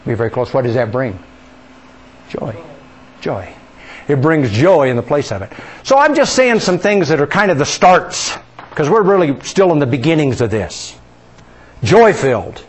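A man's voice: sing-song, moderate pace, breathy edge. Call-and-response preaching man. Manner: questioning the congregation, drawing call-and-response; drops soft and low on key words. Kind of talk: sermon.

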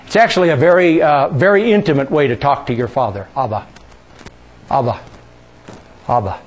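In a sermon with dull audio, a male preacher talks fast and expressively. He quizzes the congregation, draws out their replies, and goes soft and low when he reaches key words.

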